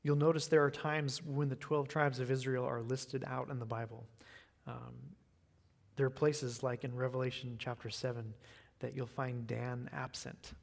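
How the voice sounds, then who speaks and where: An American man giving an evening sermon and closing prayer, in an unhurried, earnest way that often repeats words. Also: medium pitch, level tone, gravelly. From United States. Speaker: preacher. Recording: long reverb of a hall.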